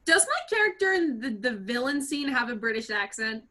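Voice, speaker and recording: A young woman chatting excitedly with friends over a video call as a cast member. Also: fairly high pitch, normal speed.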